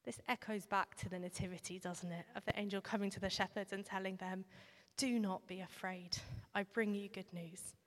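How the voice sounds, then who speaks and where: A woman's voice: mid-range voice, fairly even intonation, moderate pace, hardly any pauses. Woman preaching a sermon, chatty and thoughtful, big hall with long echo. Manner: reflective, conversational with occasional fillers. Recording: long reverb of a large hall.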